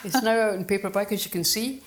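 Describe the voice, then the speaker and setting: A woman's voice: medium pitch, quick pace, slight background noise. A woman chairing a live book festival talk, wry and teasing with her guest. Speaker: event chair. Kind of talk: hosting a live book event. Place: festival venue before an audience.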